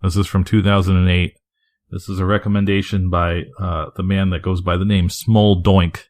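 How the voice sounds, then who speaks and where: A man's voice: sits low, level tone, moderate pace, a little mellow. A man co-hosting a wrestling podcast in casual, rambling chat, swearing freely and laughing often. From Northeast US. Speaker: podcast co-host.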